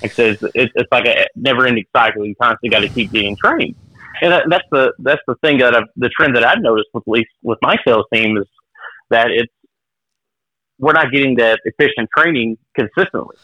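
A man's voice: medium pitch, brisk, sharp tone, dry recording, low-quality recording. A salesman in casual chat who stumbles and repeats his words as he talks to his trainer.

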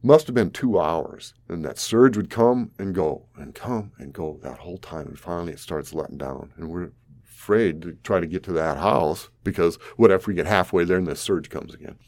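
Man, 60s, from South Dakota; low voice, dry close sound; vivid storyteller recounting events. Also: normal speed, a little mellow, no echo. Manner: vivid storyteller, chuckling at times, with restarts. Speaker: flood survivor interviewee.

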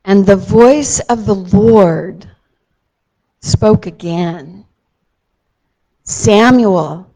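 A woman telling a Bible story to a child, gentle and slow with dramatic emphasis on key moments. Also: mid-range voice, rough recording.

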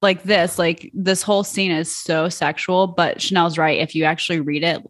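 A woman podcast co-host chatting casually and gushing with enthusiasm. Her low-pitched voice sounds close and dry, with no room sound, over a video call. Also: fairly even intonation, moderate pace, no room sound. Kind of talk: casual chat.

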